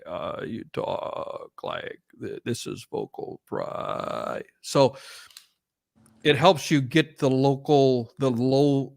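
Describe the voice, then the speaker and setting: A man with a gravelly voice chats loosely on a podcast, trailing off and restarting as he goes. The sound is dry and close. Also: medium pitch, dry recording. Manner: rambling, many fillers and restarts. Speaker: podcast co-host. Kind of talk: casual chat.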